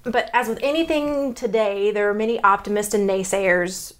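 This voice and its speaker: A woman's voice: mid-range voice, normal speed. A woman with a Texan accent co-hosting a podcast, explaining topics at length with some restarts. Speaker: podcast co-host, relationship doctor.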